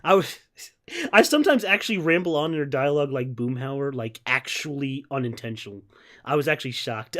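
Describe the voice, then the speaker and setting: A man's voice: mid-range voice, animated, fairly quick, fairly bright tone. A man streaming a game, joking and rambling crudely in casual commentary.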